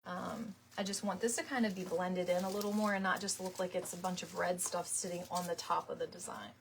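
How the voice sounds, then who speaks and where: A woman's voice: fairly low pitch, little pitch movement, fairly quick, a little hiss or hum. A woman, chatting casually and laughing often as she makes a wreath live and greets viewers by name. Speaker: wreath-making live stream host. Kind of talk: casual chat while crafting on a live stream.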